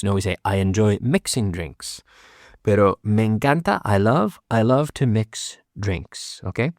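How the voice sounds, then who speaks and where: A man hosting an English lesson podcast for Spanish speakers, switching between English and Spanish and repeating sentences slowly for learners. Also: lowish voice, darkish tone, dry recording, clean studio sound. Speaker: English teacher and podcast host. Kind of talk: bilingual language lesson.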